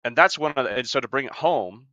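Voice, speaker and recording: A man talks on a podcast in a blunt, emphatic way and swears freely. His voice is forceful and bright. The sound is dry and a little dull. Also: mid-range voice, expressive, fast talker, no room sound. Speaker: podcast co-host and life coach. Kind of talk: casual podcast talk.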